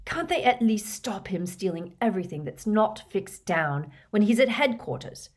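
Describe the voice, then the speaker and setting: A woman's voice: mid-range voice, expressive, unhurried, slightly rough, voice pushed up. An angry teenage boy wizard speaks tensely and snaps his words, as a woman reads him. It comes across as a storybook reading.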